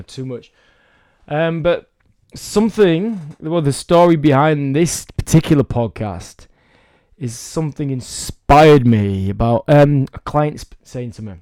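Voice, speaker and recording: A man's voice: mid-range voice, mellow, dry recording, clean studio sound. A man with a cold hosting a casual solo podcast as a fitness coach, rambling and self-deprecating. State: has a cold, under the weather.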